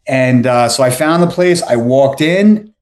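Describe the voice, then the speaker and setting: A man's voice: medium pitch, measured pace, a little mellow. A man from New York telling a story as a podcast guest, rambling with lots of fillers and restarts. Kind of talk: casual storytelling.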